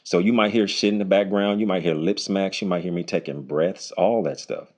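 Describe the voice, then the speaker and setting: A man hosting his own unscripted solo podcast, talking bluntly and casually with lots of swearing, his voice jumping high when he jokes. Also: brisk. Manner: voice jumps high when joking. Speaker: podcast host. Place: home recording, unedited.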